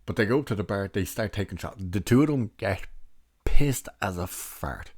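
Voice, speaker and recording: A young man gives a casual spoken film review, rambling and chatty, chuckling as he recounts scenes. His low, deep voice is husky, darkish, and expressive at a normal speed. The recording is close and dry, with no room sound at all.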